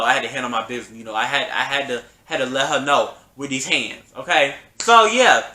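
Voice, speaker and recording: Fast, bright-voiced young man telling a story. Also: on the high side, roomy sound. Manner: animated storytelling, slangy and emphatic. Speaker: vlogger. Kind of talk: storytime vlog.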